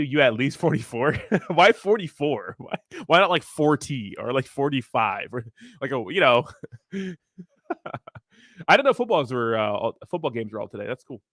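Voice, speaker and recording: He's a crypto streamer in his thirties with a fairly high, slightly bright voice, casually reading his chat on a livestream. He rambles, curses, stays laid-back and laughs a lot, all captured with no echo at studio quality.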